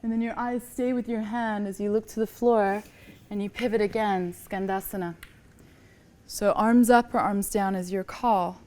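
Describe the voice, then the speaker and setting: A woman teaching a yoga class, giving calm, encouraging cues and slightly out of breath as she moves through the poses. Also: mid-range voice, normal speed. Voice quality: calm, encouraging cueing, often soft. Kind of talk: guided yoga class instruction.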